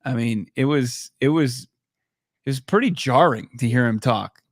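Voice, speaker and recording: A man's voice: mid-range voice, normal speed, dry recording. A man co-hosting a sports podcast, talking in a loose, rambling way and often restarting his sentences in a studio. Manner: rambling, self-correcting, conversational. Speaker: podcast co-host. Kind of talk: casual sports podcast chat.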